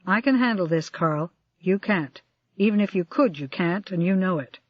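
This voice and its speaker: Narrator putting on a no-nonsense cop sergeant, firm and blunt, dry dull audio. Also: male voice, high voice, expressive, normal speed, no echo. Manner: firm, matter-of-fact. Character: steady, blunt male police sergeant in charge.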